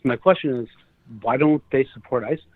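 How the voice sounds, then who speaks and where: A man's voice: mid-range voice, fairly quick, a crowd in the background. A man calling in to a podcast, rambling hesitantly with many fillers. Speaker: caller. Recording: dry phone line.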